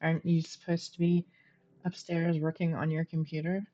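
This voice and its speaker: Middle-aged woman streamer, low chatty voice, dull lo-fi home mic. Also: little pitch movement, moderate pace, warm tone. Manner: chatty, laughs often, self-deprecating. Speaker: game streamer. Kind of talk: casual gameplay commentary.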